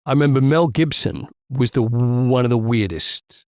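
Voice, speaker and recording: A man with a mid-range voice co-hosts a podcast in a dry, close recording. He chats casually and jokes around, laughing as he tells animated stories. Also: medium pitch, moderate pace, no room sound. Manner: jokey, laughs often, animated retelling. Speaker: podcast co-host. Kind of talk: casual chat.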